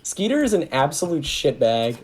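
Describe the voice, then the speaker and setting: A man playing a tabletop game, chatting casually in a halting, rambling way and swearing freely. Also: a little high, very animated, a little hiss or hum, rough recording. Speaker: player.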